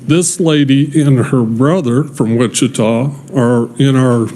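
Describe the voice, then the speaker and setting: A man's voice: medium pitch, slow, mellow, slight background noise. Earnest man, a state representative. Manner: earnest, slightly apologetic. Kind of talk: committee floor remarks. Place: legislative hearing room.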